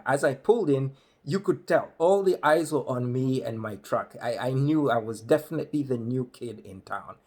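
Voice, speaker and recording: A man's voice: medium pitch, slightly rough. A man from Africa with an African English accent, telling a comic story conversationally and acting out the voices of the people in it. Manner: conversational, acts out other voices. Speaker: comedic storyteller. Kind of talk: comedic storytelling.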